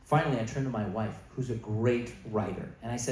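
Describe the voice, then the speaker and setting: Speaking a little high at normal speed, with long pauses and slight background noise, a man with a Canadian accent does stand-up for a live crowd. His long story includes text messages he acts out in various voices, and the venue echoes.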